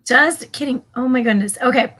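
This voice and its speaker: Woman cohost, kinda high voice, friendly, loses her place in her notes a bit. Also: moderate pace, sharp tone, low-quality recording. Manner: friendly, a bit scattered, stalls while checking notes. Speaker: co-host with news segment. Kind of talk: casual co-hosting.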